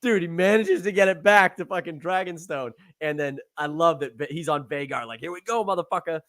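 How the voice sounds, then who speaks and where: A man with a slightly high voice chats casually on a podcast, talking animatedly and swooping into quick character voices. The sound is dry and close, with no room echo. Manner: animated, acts out characters with sudden swoops in pitch. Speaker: podcast co-host. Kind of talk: casual chat.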